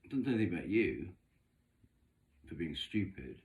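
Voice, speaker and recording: Deep, lively man gossiping. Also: moderate pace. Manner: chatty, camp and gossipy, with theatrical asides. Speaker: vlogger doing tarot readings. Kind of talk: casual rambling monologue.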